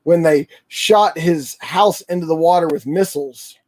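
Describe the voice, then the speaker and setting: A man hosts a casual livestream and rambles excitedly, with many ums and restarts. His voice sits a little high for a man. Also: measured pace. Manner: rambling, excitable fan talk with fillers. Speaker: toy channel livestream host.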